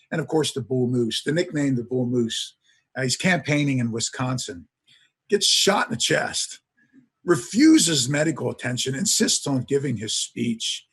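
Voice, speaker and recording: Husky man giving an enthusiastic history lecture. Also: medium pitch, fairly bright tone. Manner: enthusiastic storyteller, many filler "uh"s. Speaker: history professor. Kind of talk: lecture to an audience.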